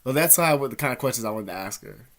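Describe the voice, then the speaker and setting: A man's voice: mid-range voice, lively intonation, racing, fairly bright tone. A man vlogging in a rambling, profane monologue, laughing as he goes and mimicking other people's voices while he tells stories. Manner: profane, laughs often, imitates others mid-story.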